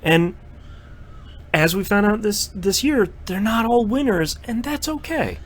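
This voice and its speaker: A man co-hosting a casual chat, animated and quick to laugh. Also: high-pitched. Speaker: podcast co-host.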